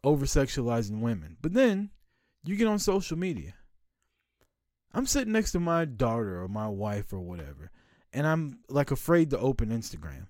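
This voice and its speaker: A middle-aged man co-hosting a podcast, bluntly ranting and swearing through casual banter. His pitch swings widely and animatedly. The sound is dry and close, with no room echo. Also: big pitch swings, moderate pace, a little mellow. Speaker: podcast co-host. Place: home podcast studio.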